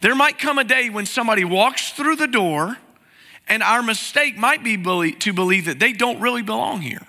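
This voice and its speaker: A man's voice: high voice, expressive, moderate pace, pushed and bright, big-room sound. A man preaching a sermon as pastor, in a conversational style full of rhetorical questions, recorded in a church sanctuary.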